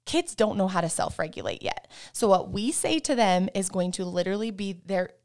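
Woman guest, mid-pitched, easygoing, explains parenting through faith, agrees often. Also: lively intonation, fairly quick. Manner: warm affirming backchannels, easygoing explanations. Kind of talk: casual faith-based parenting chat.

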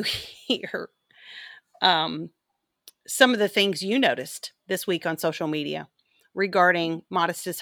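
A woman hosting a podcast in casual chat, playful and bubbly, with quick asides to her co-host. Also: mid-range voice, a bit bright, no room sound, clean studio sound.

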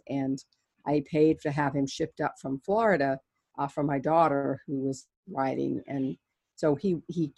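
An older woman, a veterinarian guest, telling stories from her life in an animated conversational way, often restarting her sentences and laughing. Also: deep voice, slightly rough, no echo, studio quality. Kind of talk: conversational storytelling.

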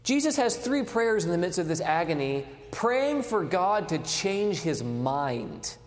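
A man preaching a sermon, dramatic, dropping to hushed tones and rising again. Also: high-pitched, big pitch swings, unhurried. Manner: dramatic, swings between loud and hushed. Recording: long hall reverb.

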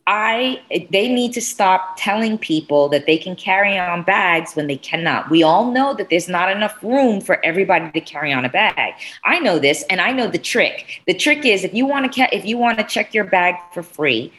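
A woman in casual chat, telling a story with lively swings and acting out what people said. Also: medium pitch, normal speed, hardly any pauses. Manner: animated, swearing, acts out dialogue.

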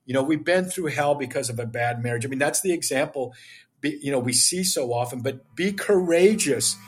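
Brisk and medium-pitched with a breathy edge, an older man's voice carries emphatic, preachy passion as he guests on a podcast. He acts out dialogue throughout this impassioned interview.

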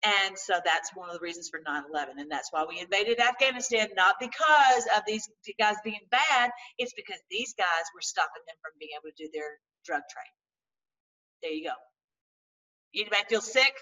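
A woman talking to her viewers in a casual, animated monologue, full of restarts and religious phrases. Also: medium pitch, normal speed, distant mic, poor audio. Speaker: political commentary host.

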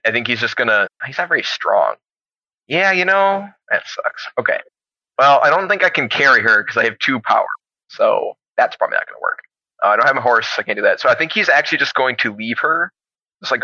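A young man playing a tabletop game, chatting casually and thinking out loud with hesitant restarts. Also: lowish voice, gravelly, dry recording. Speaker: player. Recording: dull, dry lo-fi sound.

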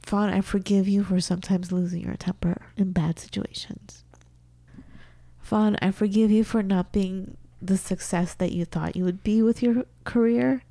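A middle-aged woman co-hosting a podcast, earnestly walking through a self-affirmation exercise with soft laughs and whispered asides. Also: mid-range voice, fairly even intonation, moderate pace, vocal fry, dry recording. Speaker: podcast co-host. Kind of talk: casual podcast talk, demonstrating an exercise. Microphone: studio microphone.

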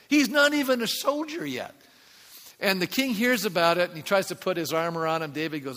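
A male pastor preaching a sermon, telling a story and acting out its voices, building to loud emphatic peaks. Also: high voice, a little fast, big-room sound.

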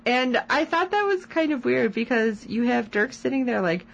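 A woman's voice: a little high, normal speed, gravelly, highs cut off. A woman co-hosting a podcast, chatting casually as she recaps a TV episode and acts out quoted lines. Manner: animated, retells scenes with quoted lines. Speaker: podcast co-host.

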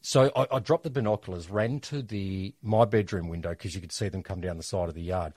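A middle-aged Australian man telling funny family stories in a casual, animated way. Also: low-pitched, a little fast, dry recording, studio quality. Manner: animated, jokey storyteller. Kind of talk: casual storytelling chat.

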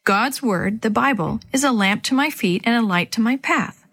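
A woman's voice: a little high, expressive, normal speed, fairly bright tone, slightly rough, full character voice. A woman voicing a frightened but brave young girl who talks herself through her fear in a children's story. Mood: worried, hopeful.

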